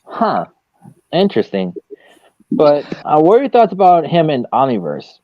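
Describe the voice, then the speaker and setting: A man hosting a casual online fan discussion, relaxed and hesitant, with many fillers. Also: a little high, normal speed, dry recording, lo-fi sound. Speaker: stream host.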